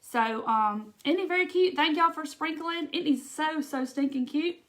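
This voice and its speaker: Woman, middle-aged, Southern US accent, slightly high voice, casual livestream chat, says y'all. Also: normal speed. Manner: chatty, warm-hearted, says y'all, tearful at times. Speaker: craft livestream host. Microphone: phone or webcam livestream.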